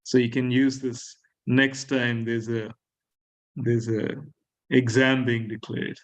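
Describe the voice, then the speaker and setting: A man lecturing a class on Greek grammar, slowly repeating key words and asking his students questions. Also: medium pitch, little pitch movement, poor audio. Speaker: Greek teacher.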